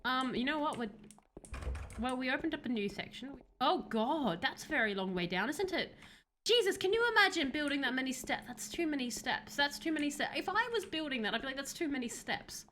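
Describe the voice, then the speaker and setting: A woman giving animated, laughing commentary while streaming a horror game. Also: sits high, fairly quick, a little hiss or hum. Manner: animated, laughs often, yelps and shrieks at scares. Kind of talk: casual gameplay commentary.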